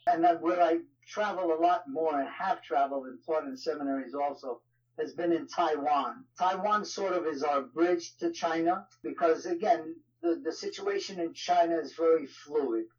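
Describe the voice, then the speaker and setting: A man's voice: a little high, moderate pace, highs cut off. A man with a New York accent, a ministry leader talking as a guest in an interview, conversational with frequent fillers. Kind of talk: casual interview talk.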